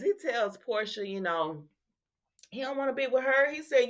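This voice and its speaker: A woman's voice: fairly high pitch, fairly quick. A woman who recaps soap opera episodes in a casual, chatty way, acting out the dialogue and laughing often. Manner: animated, acts out the quotes, laughs often.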